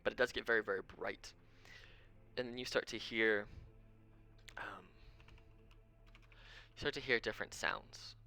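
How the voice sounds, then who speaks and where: A man's voice: fairly low pitch, fairly even intonation, a little slow, pauses often, pushed and bright. A man narrating a tabletop game as game master, rambling with lots of ums and frequent chuckles.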